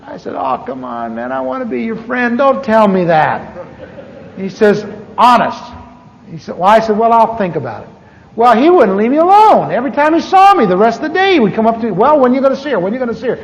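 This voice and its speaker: A middle-aged American man telling his testimony as a sermon, halting and restarting as he acts out the dialogue. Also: high voice, expressive. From United States. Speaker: pastor. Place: church conference hall. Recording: muffled 1980s recording in a reverberant hall.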